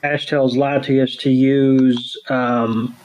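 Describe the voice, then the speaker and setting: Male podcast host, unhurried, mid-pitched, rambling recap peppered with swearing. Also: little pitch movement, darkish tone, muffled recording, slight background noise. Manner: slow, rambling recap with crude jokes and quick character voices. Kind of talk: casual chat.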